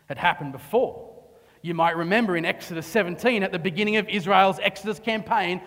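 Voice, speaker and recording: A man preaching a sermon, dramatic, dropping to hushed tones and rising to impassioned cries. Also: sits high. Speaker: pastor. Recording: long reverb of a large hall.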